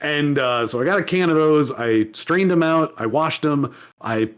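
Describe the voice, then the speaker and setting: A man co-hosts a podcast in easy, casual chat. His voice sits a little high, and he rambles, restarts his sentences and laughs often as he talks. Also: moderate pace. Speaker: podcast co-host.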